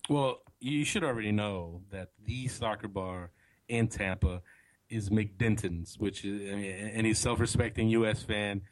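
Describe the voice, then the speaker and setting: Low-voiced man co-hosting a soccer podcast. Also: measured pace, poor audio. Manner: opinionated, many restarts. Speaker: podcast co-host. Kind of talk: casual sports chat.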